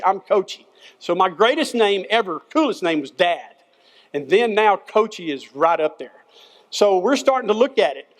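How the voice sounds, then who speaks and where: An older man, a former football coach giving an earnest, folksy chapel sermon to students in short, repeated phrases. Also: high voice. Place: school chapel.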